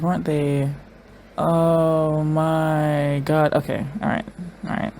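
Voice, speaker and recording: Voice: medium pitch, little pitch movement, slow, gravelly, a little mellow, slight background noise. A show reaction vlogger in casual commentary, crying through it and talking emotionally, with stammers and restarted sentences.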